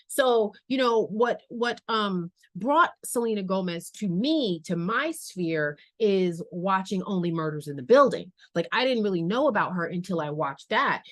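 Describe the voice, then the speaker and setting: A woman's voice: mid-range voice, no echo. A woman giving a casual tarot reading, musing aloud and chatting to her viewers with slangy asides. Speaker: tarot reader.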